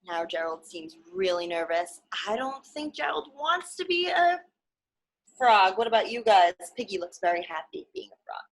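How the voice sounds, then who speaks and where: A young adult woman hosting a children's story reading, animated and speaking directly to the kids. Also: mid-range voice, moderate pace, low-quality recording. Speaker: sports arena host reading to children.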